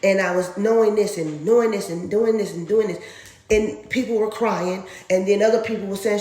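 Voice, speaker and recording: A woman from Dallas, telling a personal faith testimony in a lively way, acting out sounds and laughing often. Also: medium pitch, moderate pace, slight background noise. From Dallas, Texas. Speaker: storyteller sharing a faith testimony. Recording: roomy echo.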